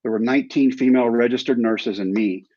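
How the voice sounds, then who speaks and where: A man from Texas telling his own story with dry, self-deprecating humor and an easy, steady rhythm. His voice sits at a middle pitch. It is captured in a dry, slightly dull recording with no room echo. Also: fairly quick, breathy edge. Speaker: interview guest, former pro baseball player.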